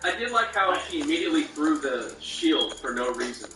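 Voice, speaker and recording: A man with a bright, slightly high voice makes sarcastic jokes in a relaxed group chat. He is heard from a distance in an echoey room, with faint music in the background. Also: normal speed. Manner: sarcastic, joking.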